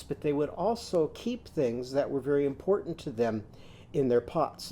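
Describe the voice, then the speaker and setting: A man's voice: medium pitch, warm tone, slight background noise. Patient man teaching children phonics. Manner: slow, patient step-by-step instructions, sounding out words. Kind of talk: children's drawing and phonics lesson.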